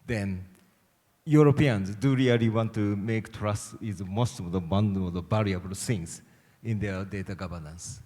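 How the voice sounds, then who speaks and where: Hesitant low-voiced male panelist. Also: a little slow, warm tone. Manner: hesitant, searching for words, many fillers. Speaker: panelist, government official. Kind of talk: answering a question on a panel. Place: conference hall. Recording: reverberant conference hall.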